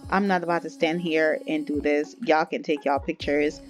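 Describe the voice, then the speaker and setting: A woman's voice: low voice, measured pace, soft background music, voice pushed down. A woman voicing an impatient, jealous woman model who brushes off the photo shoot with a sassy, dismissive tone.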